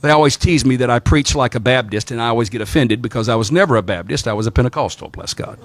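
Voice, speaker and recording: A middle-aged Southern man talks fast in a medium pitch. He's an Orthodox priest teaching clergy the craft of homiletics, leaning on folksy stories and repeated phrases in his Southern accent.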